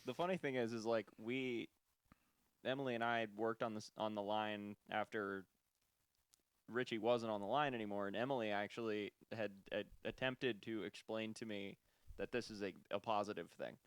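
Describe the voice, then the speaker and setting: A man's voice: lowish voice, steady tone, moderate pace, smooth, no room sound. Easygoing chuckling male podcast co-host. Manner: easygoing, chuckles between remarks. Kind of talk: casual chat.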